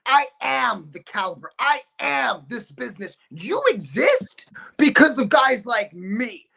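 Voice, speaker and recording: Brash, gravelly, boasting wrestling champion man. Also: very high-pitched, bright, forceful tone. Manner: boastful, brash, swings between fast and slow delivery. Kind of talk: trash-talking wrestling promo.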